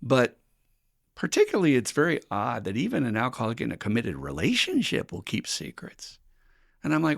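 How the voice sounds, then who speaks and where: A man from the United States who hosts a recovery podcast and talks like a straight-shooting sponsor. His voice is mid-pitched with a gravelly roughness. He is blunt and candid, and he laughs easily. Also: huge pitch swings, fairly quick. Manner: frank, blunt, swears, laughs often.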